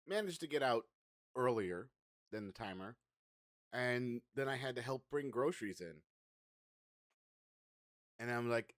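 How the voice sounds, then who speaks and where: A man co-hosting a podcast, telling a story in a relaxed, rambling way. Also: medium pitch, unhurried, pauses often, no room sound, clean studio sound. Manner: relaxed, rambling, mild self-repeats. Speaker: podcast co-host. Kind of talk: casual storytelling.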